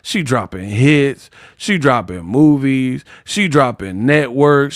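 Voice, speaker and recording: A man hosting a boxing commentary vlog, talking in a slangy, animated and mocking way. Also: mid-range voice, slow, no echo, studio quality.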